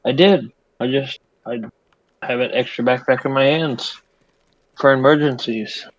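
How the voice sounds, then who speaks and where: A man's voice: medium pitch, measured pace. Easygoing man on a muffled game mic. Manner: easygoing, directs the action. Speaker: gaming teammate. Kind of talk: casual gaming chat.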